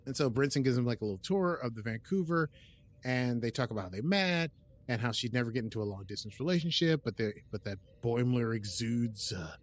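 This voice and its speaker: A man hosting a podcast and recapping an episode in casual chat, rambling with lots of fillers and slipping into quick quoted asides. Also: medium pitch, lively intonation. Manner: rambling, with frequent fillers and restarts; plays out characters' lines in quick quoted asides. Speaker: podcast host.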